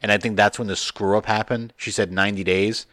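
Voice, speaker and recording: A man's voice: fairly low pitch, level tone, fairly quick, a bit bright, no echo. A man in casual chat, blunt and questioning, swearing now and then. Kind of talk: casual chat about pro wrestling.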